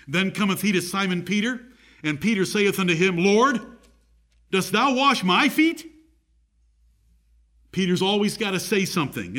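A man's voice: high-pitched, fairly bright tone. A man preaching a sermon, rising emphatically on key points.

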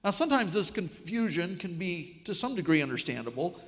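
Guy preaching a sermon, kinda high voice, telling a funny story, big echoey hall sound. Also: brisk. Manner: storytelling, wry and animated.

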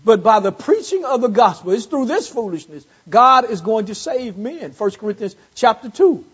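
A man preaches a sermon in a high, husky voice, swinging between hushed asides and fervent, rising calls. The recording is dull and muffled, like a church service taped on modest gear. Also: very animated, normal speed. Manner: call-and-response preaching, rising to fervent peaks; repeats phrases for emphasis.

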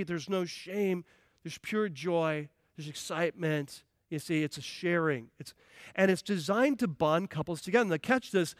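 A man preaching a sermon as pastor, energetic and playful, acting out voices with humor. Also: sits high, no room sound, clean studio sound. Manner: energetic, playful, acts out quotes. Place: church.

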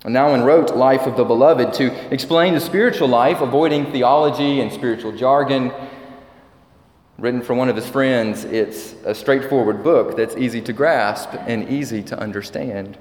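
A man preaching a sermon as pastor, measured and slowing down when he quotes scripture. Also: medium pitch, a little mellow. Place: church sanctuary. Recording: echoey church hall.

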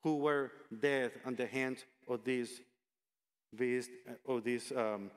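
A man preaching a sermon, speaking in a measured, emphatic way and reading passages aloud. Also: mid-range voice, steady tone, clear, resonant tone, in a large hall.

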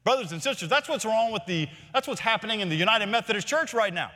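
A man preaching a sermon as senior pastor, emphatic, repeating key phrases and climbing higher to stress his points. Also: animated, fast, sharp tone. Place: large church sanctuary. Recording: long hall reverb from a church.

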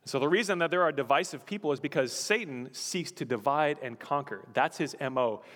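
Pastor guy preaching, kinda high voice, long church echo. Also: a little fast, a bit bright, faint music behind. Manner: emphatic, repetitive preaching. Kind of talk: sermon.

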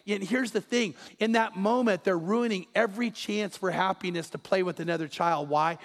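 Middle-aged male pastor, high voice, animated storyteller, long church-hall reverb. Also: fairly quick, creaky. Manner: animated storytelling, dropping to a hush for quoted lines. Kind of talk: sermon.

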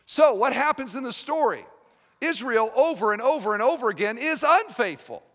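High-voiced male pastor preaching in a hall. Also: expressive, normal speed. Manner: emphatic preaching, rhetorical questions, dramatic drops to a quiet voice. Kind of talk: sermon.

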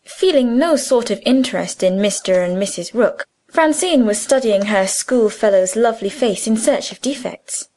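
High, lively woman narrating a novel. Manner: expressive, measured reading. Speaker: audiobook narrator. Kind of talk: scripted narration.

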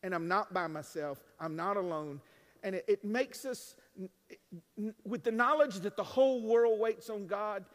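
A man preaching a sermon as pastor, swinging between hushed and loud lines with joking asides. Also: a little high. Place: church sanctuary. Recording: long reverb of a large church.

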